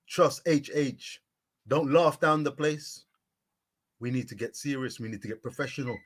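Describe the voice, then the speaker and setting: A man's voice: fairly high pitch, normal speed, fairly bright tone. A man hosting a sports live stream, reading out viewers' comments and answering them by name, repeating his catchphrases in a preachy way. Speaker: sports vlogger.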